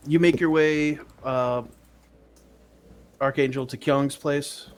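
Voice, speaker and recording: A man's voice: fairly high pitch, fairly even intonation, takes it slowly, smooth. A man running a tabletop game for friends, talking casually and hesitantly with lots of fillers. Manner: casual, hesitant with many fillers, laughs at the players. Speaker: game master.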